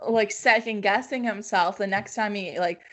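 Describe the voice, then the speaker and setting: A woman's voice: mid-range voice, normal speed, a bit bright. A woman co-hosting a podcast, teasing and laughing often in casual chat over a remote call. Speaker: podcast co-host. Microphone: remote call mic.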